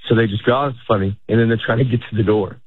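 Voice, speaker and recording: A man's voice: on the low side, level tone, rapid-fire, husky, no room sound. A middle-aged man, a stand-up comedian, chatting casually in an interview, rambling and restarting his sentences, laughing often. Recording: tinny phone-like sound.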